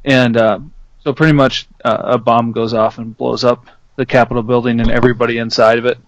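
A man's voice: mid-range voice, level tone, fairly quick, no echo, lo-fi sound. A young man in casual chat who explains TV plots at length, filling gaps with "uh" and "um.".

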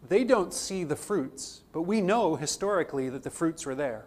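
A man teaching a theology class, putting question after question to his students and swinging between loud emphasis and quiet asides. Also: on the high side, animated, moderate pace, hardly any pauses. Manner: poses repeated questions to the class. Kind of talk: classroom lecture.

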